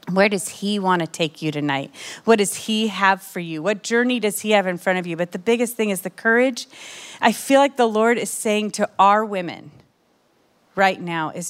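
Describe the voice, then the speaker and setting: A young adult woman giving an emotional, animated testimony sermon to a women's church gathering, with many asides to the crowd. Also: fairly low pitch.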